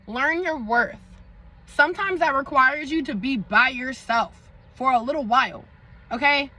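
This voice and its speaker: Bright high-voiced young woman storytelling. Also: measured pace, poor audio. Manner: animated, dramatic storytelling with slang and asides to viewers. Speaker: vlogger. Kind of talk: storytime vlog.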